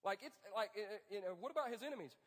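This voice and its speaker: Male pastor, high voice, animated joking sermon, hall echo. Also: quick pace. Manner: animated, joking, preaching to men. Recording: long hall reverb.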